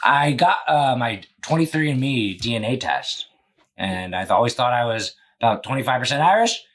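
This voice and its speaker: A man's voice: medium pitch, animated, normal speed, a bit bright. A young man hosting a casual podcast, rambling and joking, swearing freely. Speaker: podcast host and business owner.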